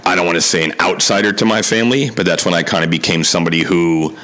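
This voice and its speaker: A man in his thirties from Connecticut hosts a solo podcast, talking openly and earnestly about his life. His voice sits low, yet its tone comes across bright and forceful. He speaks frankly and swears now and then. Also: quick pace, poor audio. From Connecticut, USA. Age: 30s. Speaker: podcast host. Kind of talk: casual solo podcast monologue.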